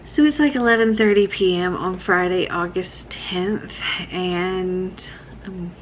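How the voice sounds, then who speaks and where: A woman in her thirties giving a relaxed, rambling late-night book vlog check-in, sounding sleepy. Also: on the low side, slow pace, slight background noise, rough recording. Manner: relaxed, rambling, laughs often. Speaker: book vlogger.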